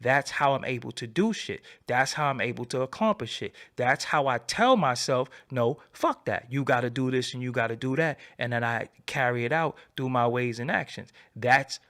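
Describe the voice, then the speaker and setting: A man hosting a livestream, ranting in a profane, animated, preaching way and repeating his phrases, swinging from low mutters to loud outbursts. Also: moderate pace, hardly any pauses. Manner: swoops between low mutter and loud high bursts. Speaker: livestream host. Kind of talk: unscripted livestream rant.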